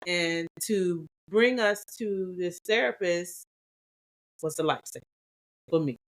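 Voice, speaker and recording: A woman co-hosting a couples podcast, chatting casually and acting out past conversations with lively swings in her voice. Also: measured pace. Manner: animated, acts out quoted dialogue with big pitch jumps. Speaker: podcast co-host.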